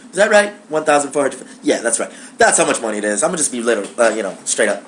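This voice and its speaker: Animated, profane young male storyteller. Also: mid-range voice, racing, hardly any pauses, a little hiss or hum. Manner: animated, profane, acts out dialogue. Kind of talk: casual personal storytelling to camera.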